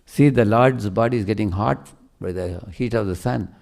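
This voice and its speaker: A man's voice: fairly low pitch, moderate pace, gravelly, darkish tone. A man voicing a group of earnest clouds eager to serve, in a storytelling sermon.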